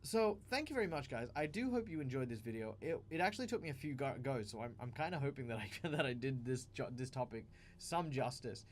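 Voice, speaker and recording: A man's voice: medium pitch, lively intonation, fairly quick, hardly any pauses, slight background noise. An Australian man hosting a tabletop game advice video, talking casually and emphatically with lots of fillers and restarts.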